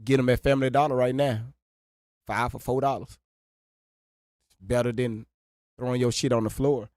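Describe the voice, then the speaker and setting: A man's voice: mid-range voice, steady tone, moderate pace, darkish tone, dry recording, studio quality. A man, hosting a casual livestream, rambling, swearing freely and breaking into laughter. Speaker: livestream host.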